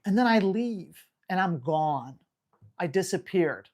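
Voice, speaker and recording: A man's voice: sits high, animated, slow pace, darkish tone. A man hosting a live dog-training Q&A, talking bluntly and hammering home key words. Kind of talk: live Q&A stream.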